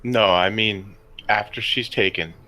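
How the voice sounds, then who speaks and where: A man's voice: fairly low pitch, steady tone, measured pace, pushed and bright, soft background music, rough recording. A man playing in a tabletop game, speaking politely and earnestly in character. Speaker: player.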